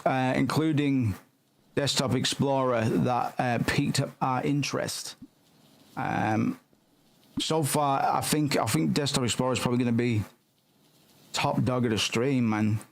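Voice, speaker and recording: A man in casual gameplay commentary, rambling along with plenty of swearing. His voice has a rough, gravelly edge at a middling pitch for a man. He talks playfully rude to the characters as he plays. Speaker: streamer.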